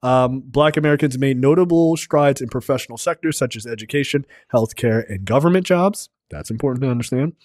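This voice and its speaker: A man's voice: mid-range voice, brisk, few pauses, a little mellow, no room sound, clean studio sound. A man co-hosting a podcast, chatting casually in a brash, profane, joking way. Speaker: podcast co-host. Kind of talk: casual chat.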